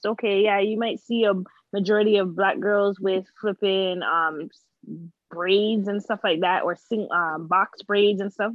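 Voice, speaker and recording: A woman's voice: mid-range voice, dry recording. A woman in casual chat with an easygoing, laid-back way of talking. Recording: dry, dull lo-fi sound.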